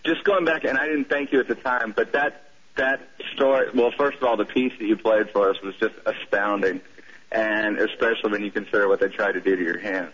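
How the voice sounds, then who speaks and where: A man from the southern United States with a Southern accent calls in to a radio show, rambling and restarting his sentences often. His voice is fairly low, fairly even in intonation, fairly quick, a bit bright, and breathy at the edges, heard through muffled radio broadcast audio.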